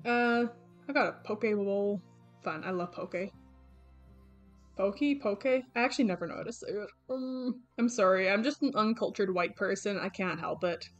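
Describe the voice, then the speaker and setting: With a medium pitch and normal speed, a young adult woman vlogs about her art, talking through her sketchbook. Her delivery is casual and meandering with plenty of fillers and self-corrections, and faint game music sits underneath.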